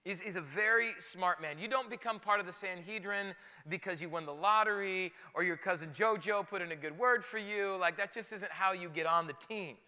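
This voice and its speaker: A man preaching a sermon as pastor, animated and conversational, often repeating words for emphasis. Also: sits high, a little fast, hardly any pauses, big-room sound.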